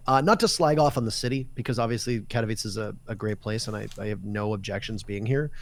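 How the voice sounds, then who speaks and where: A man's voice: on the low side, fast. A man, an esports caster, telling stories in casual podcast chat and acting out the dialogue. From Canada. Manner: lively storyteller who acts out quoted dialogue.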